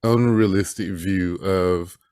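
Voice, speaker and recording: A man co-hosting a podcast, speaking in a measured, analytical way in casual chat about a TV episode. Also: deep voice, fairly even intonation, darkish tone, clear, resonant tone, dry recording, clean studio sound. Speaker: podcast co-host.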